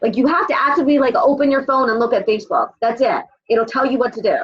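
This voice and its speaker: A woman's voice: on the high side, fast, breathy edge, highs cut off. A woman leading a casual motivational call for her sales team, blunt and swearing as she gives tough love.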